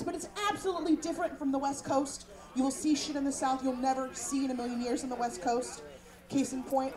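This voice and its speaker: A woman stand-up comedian from San Francisco doing a brash, profane storytelling set before a live audience. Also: high voice. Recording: echoey room with audience.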